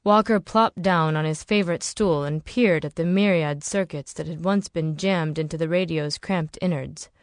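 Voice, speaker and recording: Steady and measured, a low-pitched woman narrates a novel as scripted audiobook reading. There's no echo, and the sound is studio quality.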